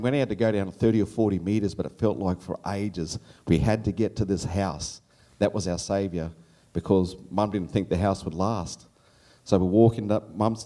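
A middle-aged Australian man telling a personal story on stage at a live storytelling event, animated and laughing as he goes, his voice leaping up when he quotes his younger self. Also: fairly low pitch.

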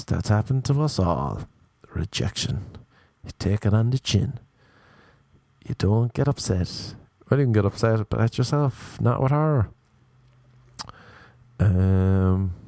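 An Irish man in his thirties rambles through jokey advice as a podcast host. His voice sits low with a gravelly fry, and the sound is mellow and dry, with no room around it. He riffs loosely and often slips into silly voices. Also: slow pace, pauses often, no echo. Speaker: podcast host and stand-up comedian. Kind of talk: casual comic advice chat.

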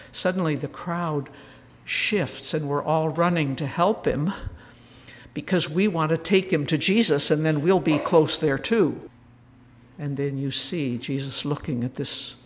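A woman's voice: low voice, slight background noise. A woman speaks at a spiritual retreat in a storytelling manner, voicing each person she quotes and letting some lines fall to a near whisper. The sound carries a long reverberant tail, as in a hall. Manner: storytelling, acting out quoted voices, dropping to a whisper.

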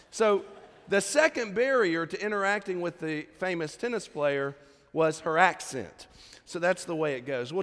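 A man's voice: on the high side, fairly bright tone. A man preaching a sermon as pastor, telling a story in a conversational way before moving into scripture. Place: large church sanctuary. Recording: long hall reverb.

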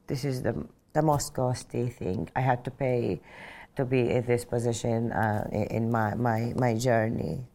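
A middle-aged woman speaks in an unusually deep, dark and mellow voice. She is a pilot recounting her path in an interview. Her delivery is earnest and reflective, with frequent "just like" fillers. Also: fairly even intonation, a little slow. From Saudi Arabia. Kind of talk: personal interview storytelling.

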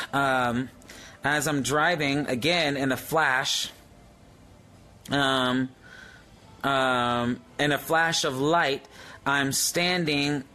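A man, excitedly sharing a spiritual testimony in a casual, halting way full of fillers and restarts. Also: mid-range voice.

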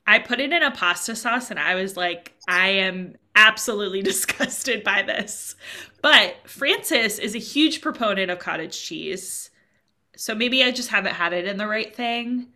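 A woman's voice: mid-range voice, lively intonation, normal speed, sharp tone. A woman co-hosting a podcast in casual chat, talking freely and quoting her own thoughts aloud. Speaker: podcast co-host.

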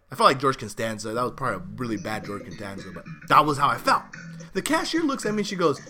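A man's voice: medium pitch, very animated, quick pace, pushed and bright. A man hosting a show, telling a story in a loose, rambling way with restarts and side remarks. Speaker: show host. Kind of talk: casual storytelling monologue.

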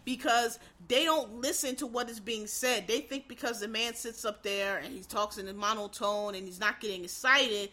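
A woman's voice: fairly high pitch, fairly even intonation, normal speed, few pauses, sharp tone. A woman giving a blunt, profane, emphatic rant of casual political commentary, talking straight to her listeners.

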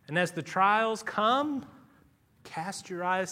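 A male pastor delivering a sermon in a somewhat high, bright, forceful voice. He builds to loud, urgent peaks, then drops to a near-hush, and at the close he leads the congregation in prayer. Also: lively intonation, a little slow. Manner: dramatic, swings between loud urgency and hushed softness.

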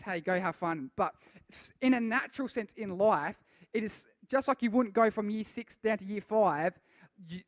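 A man preaching a lively sermon to a youth group, acting out voices and reading scripture aloud. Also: high voice, no echo, studio quality. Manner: animated, acts out voices and reads scripture aloud.

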